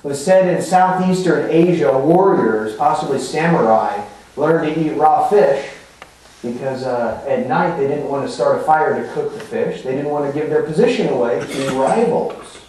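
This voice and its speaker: A man's voice: on the high side, moderate pace, darkish tone. A man preaching a sermon as pastor, explaining scripture in a conversational teaching manner with fillers and rhetorical asides. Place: church sanctuary. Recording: echoey hall from far off.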